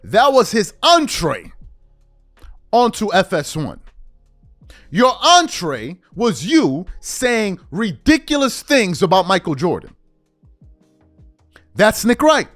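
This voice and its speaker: A man's voice: high-pitched, huge pitch swings, slow pace, long pauses, fairly bright tone. A man hosting a sports commentary channel, delivering an indignant, mocking rant and mimicking people he quotes. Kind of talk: ranting sports commentary monologue. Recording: faint music bed behind voice.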